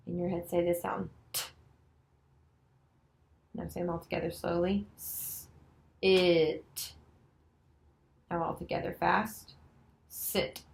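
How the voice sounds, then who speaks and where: A woman demonstrating a nonverbal reading lesson, slowly and patiently sounding out letters and words. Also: lowish voice, gravelly, low-quality recording. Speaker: special education student teacher.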